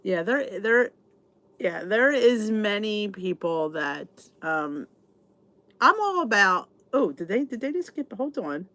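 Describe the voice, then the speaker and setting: A woman's voice: medium pitch, very animated, slow pace, bright, forceful tone, dry recording. A middle-aged American woman hosting a casual live chat, answering viewers' comments in a chatty, exasperated way with lots of restarts. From United States. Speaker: channel host.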